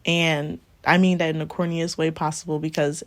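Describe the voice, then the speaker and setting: A woman's voice: low voice, flat delivery, normal speed. A woman in her twenties telling a storytime in a casual, chatty vlog and laughing often. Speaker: beauty vlogger.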